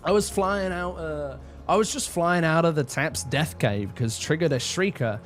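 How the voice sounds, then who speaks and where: A man's voice: fairly high pitch, normal speed, faint music behind. A young man chatting casually on a livestream in a rambling, chatty, self-deprecating way.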